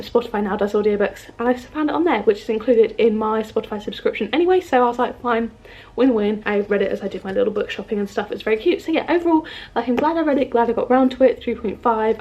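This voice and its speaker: A woman's voice: fairly high pitch, darkish tone, lo-fi sound. A young woman in her twenties from the UK chatting casually to camera as a book vlogger at home by her bookshelf, bubbly and full of "like" and "um". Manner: chatty, bubbly, filler-heavy with lots of "like" and "um". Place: home room in front of a bookshelf.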